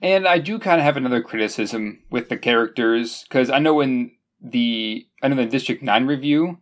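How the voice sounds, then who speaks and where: A man co-hosting a podcast who talks over a movie in a measured, hesitant way, often restarting his sentences. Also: mid-range voice. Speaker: podcast co-host. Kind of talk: casual movie review chat.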